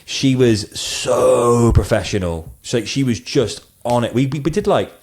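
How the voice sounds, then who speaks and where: A man's voice: medium pitch, animated, a little slow, darkish tone. A man, a wedding photographer, talking casually on a podcast, rambling with lots of fillers and restarts.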